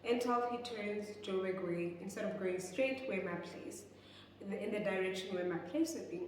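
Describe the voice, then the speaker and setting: Young woman, South African accent, storytime vlog, medium pitch, very echoey roomy sound, voice sits far from the mic. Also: normal speed. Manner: chatty, keeps addressing viewers as "guys". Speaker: vlogger.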